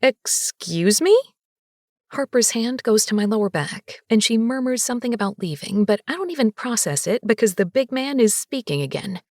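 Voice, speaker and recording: A woman narrating a first-person audiobook with a lively, sassy and expressive delivery. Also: fairly high pitch, brisk, few pauses, dry recording, clean studio sound.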